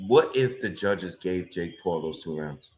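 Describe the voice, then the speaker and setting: A man's voice: deep voice, lively intonation, a little slow, a little mellow. A man doing live reaction commentary on a boxing fight, exasperated and ranting, with frequent exclamations.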